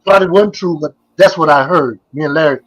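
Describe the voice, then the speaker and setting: A man's voice: a little high, fast talker, fairly bright tone, dull audio. An older man, a former basketball player, telling stories in a casual interview, rambling and repeating himself as he goes. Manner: rambling, repeats phrases, trails off.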